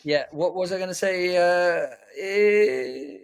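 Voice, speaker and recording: Male co-host, fairly high voice, eager and a little tongue-tied. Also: slow pace, gravelly, clean tone. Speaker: podcast co-host. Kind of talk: casual film chat.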